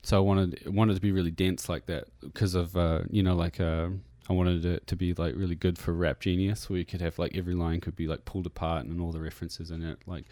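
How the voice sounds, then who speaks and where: A man's voice: low voice, level tone, fairly quick, hardly any pauses, warm tone, no room sound, studio quality. A man with a New Zealand accent, a musician guest rambling through an interview with many fillers and restarts. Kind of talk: casual interview chat. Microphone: radio studio mic.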